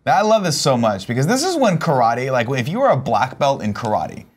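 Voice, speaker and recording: A young adult man co-hosting a casual movie watch-along, jokey and animated, often slipping into put-on voices. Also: mid-range voice, a little fast, breathy edge. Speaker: co-host.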